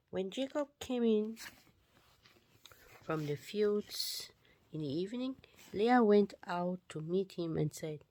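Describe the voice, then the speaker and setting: A woman reading a scripture passage aloud, slow and deliberate, sometimes dropping to a whisper. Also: medium pitch, warm tone, dry recording. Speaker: Bible reader.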